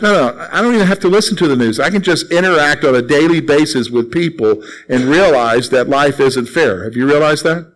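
A man's voice: fairly high pitch, fairly quick, hardly any pauses, poor audio. A middle-aged man preaching a sermon as pastor, talking to his congregation in a conversational way and repeating his points. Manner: conversational preaching with repeated phrases and acted quotes.

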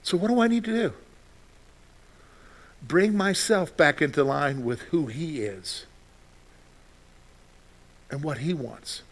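A man preaching a sermon as pastor, acting out frantic prayers and then dropping to soft, reassuring words. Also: a little high, expressive, slow, long pauses.

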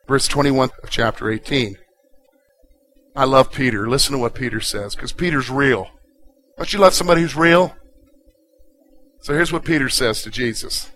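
A man preaching a sermon as a pastor. He asks the congregation rhetorical questions and builds from calm reading to loud emphasis. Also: mid-range voice, poor audio.

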